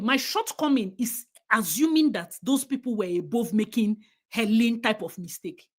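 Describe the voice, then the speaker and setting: A woman's voice: high voice, a bit bright. A young woman with a Nigerian accent, hosting a livestream and giving blunt, outspoken commentary. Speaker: livestream host.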